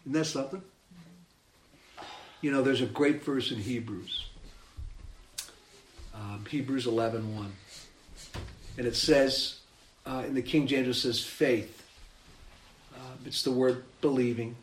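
A man preaching a sermon, animated and emphatic, acting out the story as he tells it. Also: medium pitch, unhurried, pauses often, roomy sound, a little hiss or hum. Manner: animated, acts out the scene with rising emphasis.

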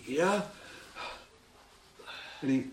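A man preaching a sermon, animated and emphatic, acting out the story as he tells it. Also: a little high, drawn-out words, reverberant, a little hiss or hum. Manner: animated, acts out the scene with rising emphasis.

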